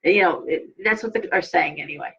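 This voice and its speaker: A woman's voice: lowish voice, fairly quick, gravelly, fairly bright tone. A woman hosting a casual live stream as a tarot reader, rambling, restarting her sentences and dropping blunt asides. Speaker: tarot reader and show host. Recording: dull lo-fi sound.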